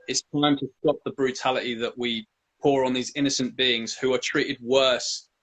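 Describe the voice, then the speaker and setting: A man delivers a forceful, declamatory appeal as an interview guest, speaking at a mid pitch. He repeats phrases for rhythm and presses each point hard. The sound comes over a live video call. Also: low-quality recording. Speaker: vegan activist guest. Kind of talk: impassioned speech.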